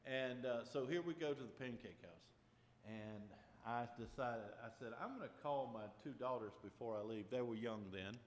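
A man preaching a sermon in a church, his voice carrying long reverb through the hall. He tells a personal story earnestly and acts out other people's voices with sudden loud bursts. He speaks at a mid pitch. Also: normal speed, slight background noise. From Ukraine. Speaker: pastor.

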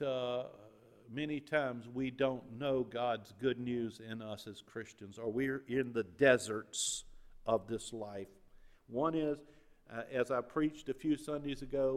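A man preaching a sermon as pastor, swinging between loud and quiet passages. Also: medium pitch. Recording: long reverb of a large hall.

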